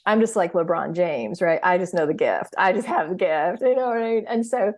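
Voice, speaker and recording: A woman's voice: lowish voice, lively intonation, brisk, darkish tone. A middle-aged woman speaking as a podcast guest in casual conversation, telling stories with energy and acting out her own reactions. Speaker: podcast guest, healer and coach. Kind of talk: casual interview chat.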